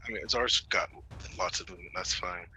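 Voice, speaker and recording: A lower-pitched man with a very bright, sharp tone, chatting casually as a player in a tabletop game. He talks loosely and laughs often between his moves. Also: fast, slight background noise, poor audio.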